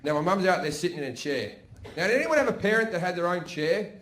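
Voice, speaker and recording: A man's voice: sits high, lively intonation, fast talker, a bit bright. A middle-aged man with an Australian accent doing a crude, swearing stand-up set. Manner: crude, swearing storyteller with a brash delivery. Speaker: stand-up comedian. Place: comedy stage before a live audience. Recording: echoey live venue with audience noise.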